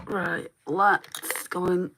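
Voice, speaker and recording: A woman in her forties with a Lancashire accent, chatting through a live makeup tutorial and answering viewer comments, her throat a little hoarse. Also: on the low side, flat delivery, extremely slow, background noise. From Northwest England. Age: 40s. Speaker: makeup livestreamer.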